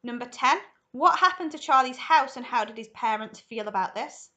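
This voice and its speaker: A woman primary school teacher reading a story aloud to children in a lively, expressive way. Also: fairly high pitch, moderate pace, highs cut off.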